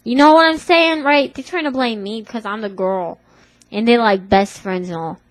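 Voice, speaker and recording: A woman's voice: on the high side, normal speed, no room sound, poor audio. A woman in her twenties telling a comic story in a put-on Brooklyn accent, rambling and tough-talking. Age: 20s.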